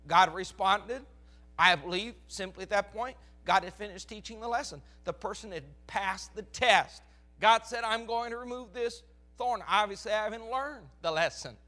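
A man in his forties preaching with a crackly, strained voice that sits high and bright. He delivers an animated sermon, pushing to loud emphasis as he drives his points home. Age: 40s. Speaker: pastor.

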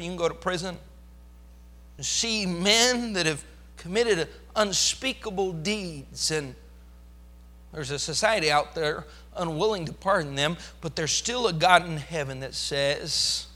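A man preaching a fervent, emphatic sermon as pastor, swinging between loud declarations and hushed asides. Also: high voice, expressive, a little slow, pauses often.

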